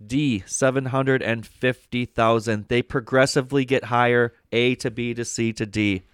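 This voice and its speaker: A man with an ordinary mid-pitched voice, reading quiz questions in a deadpan game-show way and mocking himself between them. His voice sits dry and close to the mic. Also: moderate pace, clear, resonant tone, no echo. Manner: deadpan quizmaster, self-mocking. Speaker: podcast guest running a quiz segment. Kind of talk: casual chat.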